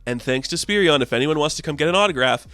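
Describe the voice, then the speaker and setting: A man's voice: a little high, animated, fast, sharp tone, no echo, faint music behind. A man voicing a bubbly, friendly young heroine. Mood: upbeat.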